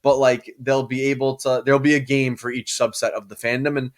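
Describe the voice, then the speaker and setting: A man's voice: mid-range voice, level tone, a little fast. Rambling casual male podcast co-host. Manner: rambling, frequent fillers and restarts. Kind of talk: casual chat.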